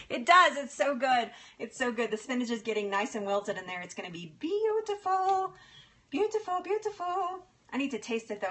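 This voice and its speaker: A woman with a bright, forceful mid-range voice hosts a relaxed cooking livestream from her home kitchen. She chats away, laughs a lot, and greets viewers by name.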